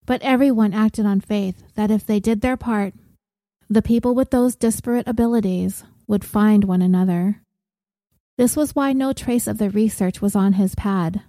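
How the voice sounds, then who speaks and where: A woman reads a novel aloud in a measured, gentle way. Her tone is deeply dark and mellow, and the recording is dry and close, with no room around her. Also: no room sound. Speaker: audiobook narrator. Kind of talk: scripted narration.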